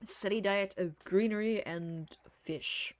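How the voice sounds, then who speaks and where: A woman's voice: medium pitch, slow pace, dry recording. A woman streamer chatting through live gameplay, laughing often, swearing freely and muttering to herself. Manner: frequent laughter.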